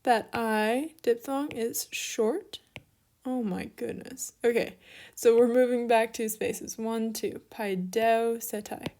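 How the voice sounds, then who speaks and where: A woman's voice: a little high, fairly even intonation, slow, warm tone. A young woman teaching an online lesson, working through steps methodically and talking herself through small mix-ups.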